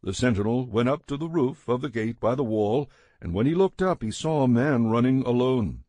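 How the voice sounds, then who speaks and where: A man reading scripture aloud in a measured, steady narration. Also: medium pitch, no echo, studio quality. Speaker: scripture reader.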